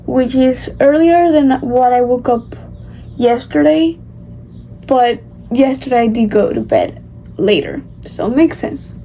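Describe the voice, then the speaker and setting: A young woman giving a casual, rambling vlog update about her reading, chatty and excitable but sleepy. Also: a little high, vocal fry, a little hiss or hum. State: sleepy and tired. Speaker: book vlogger.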